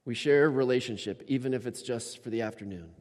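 A man preaching a sermon as a pastor, storytelling with animated shifts and acting out the people he quotes. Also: medium pitch, fast. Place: church. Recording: church hall with long reverb.

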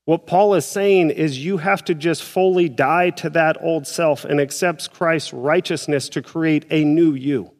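A man's voice: a little high, fairly even intonation, a little slow, hardly any pauses, big-room sound. A male pastor preaching a sermon in a church, speaking in a conversational way and acting out his listeners' doubts. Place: church auditorium.

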